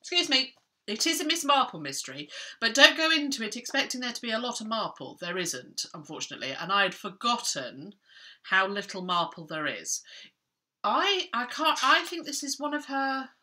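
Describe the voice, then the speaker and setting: Bright, chatty woman. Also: on the low side. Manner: rambling, self-interrupting, chatty. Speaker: book vlogger. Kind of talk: chatty book vlog.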